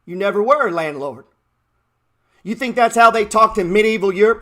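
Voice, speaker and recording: A man's voice: sits high, normal speed, long pauses, bright, forceful tone. A man in his thirties hosting a trading show, giving a blunt, mocking, profane motivational rant. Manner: blunt, brash and mocking, heavy swearing.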